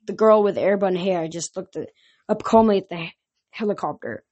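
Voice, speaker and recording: A woman reads a novel aloud for her podcast. Her voice sits at a medium pitch, and she tells the story plainly, with occasional slips and restarts. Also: moderate pace, darkish tone. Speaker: podcast reader.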